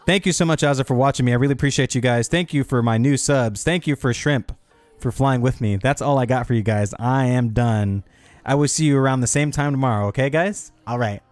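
A man's voice: mid-range voice, a little fast, no room sound. A man streaming live, chatting casually and upbeat with his viewers.

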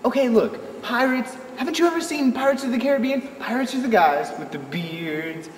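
A man's voice: very high-pitched, lively intonation, normal speed. A young man in a comedy sketch, arguing defensively and rambling. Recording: echoey room with noise.

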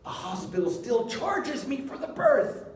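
A man giving a live inspirational talk in a school hall, telling stories in an animated way with joking asides. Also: very high voice, a little slow, recorded from a distance. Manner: animated storytelling, jokey asides. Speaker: inspirational speaker. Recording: echoey hall, speaker away from mic, faint background hiss.

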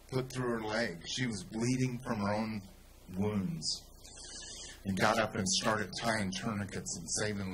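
A man with a Texan accent telling a story in a speech to a crowd, rising to loud, emphatic peaks. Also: fairly low pitch, a little hiss or hum. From Texas. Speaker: speaker at a rally.

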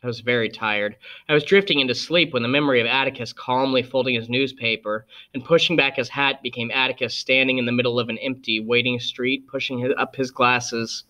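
Man reading a novel aloud, bright tone. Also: mid-range voice, steady tone, fairly quick, few pauses. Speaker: audiobook reader. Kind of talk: scripted narration.

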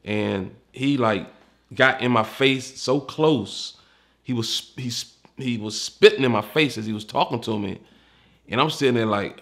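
Gravelly DC man telling a candid story. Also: mid-range voice, unhurried, fairly bright tone. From Washington, DC. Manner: candid and profane, acts out the people he quotes. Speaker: retired homicide detective recounting his career. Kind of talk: casual personal storytelling.

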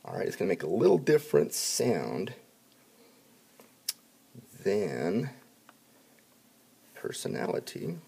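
A man teaching a spelling lesson to students, upbeat when addressing the class and dropping to quiet asides while he writes. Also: deep voice, huge pitch swings, slow pace, vocal fry, long pauses, breathy edge. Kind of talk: classroom instruction video.

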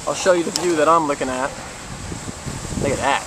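A chatty man with a fairly high voice tells a playful joke to his own camera on a beach. He sounds a little far from the mic, with steady outdoor noise around him. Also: fairly quick. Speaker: vlogger telling a joke. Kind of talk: casual joke-telling to camera. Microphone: handheld camera.

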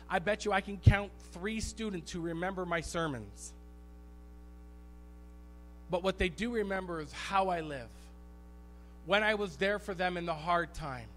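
A man with a notably high voice preaches a sermon from a church pulpit. He tells stories with animation and repeats key phrases for emphasis. Faint music plays underneath. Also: a bit bright. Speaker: pastor. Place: church sanctuary.

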